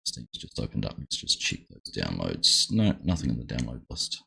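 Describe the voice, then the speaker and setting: A man's voice: very deep voice, big pitch swings, moderate pace, creaky, sharp tone, breathy edge. A middle-aged Australian man hosting a live gaming stream, chatting casually and greeting viewers by name, often calling them mate. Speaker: livestream gaming host.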